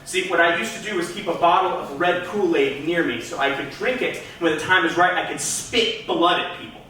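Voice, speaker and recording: A man's voice: on the high side, animated, brisk, sharp tone. A man doing stand-up comedy on a club stage, telling a story in a theatrical, punchy way and talking straight to the crowd. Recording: echoey club room, mic at a distance.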